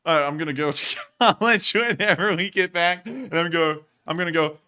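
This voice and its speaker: Animated young man, bright clear voice. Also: high voice, normal speed, hardly any pauses. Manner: animated, laughs often, swings loud and quiet. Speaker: livestream host reading donations. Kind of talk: casual livestream chat.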